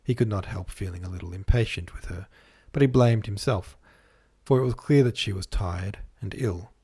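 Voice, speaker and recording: A man reading a classic novel aloud as a podcast host, in measured literary narration. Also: on the low side, dark tone, slightly rough. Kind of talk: scripted narration.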